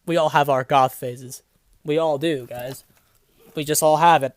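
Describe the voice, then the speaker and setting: A woman's voice: low voice, steady tone, a little slow, no echo. A woman in her twenties giving a comedic reading of fan fiction, breaking off for sarcastic, profane commentary. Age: 20s. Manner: sarcastic, swears freely, breaks into laughter.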